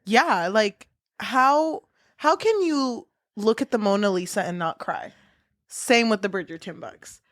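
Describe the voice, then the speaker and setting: A woman co-hosting a book podcast in casual, playful chat, dramatic and quick to laugh. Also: medium pitch, lively intonation, no room sound, studio quality. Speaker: podcast co-host.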